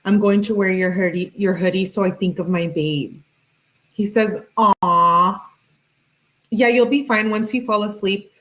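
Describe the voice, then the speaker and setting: A woman hosting a true-crime channel, reading text messages aloud in a plain voice and breaking in with quick, skeptical asides. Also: medium pitch, darkish tone, poor audio.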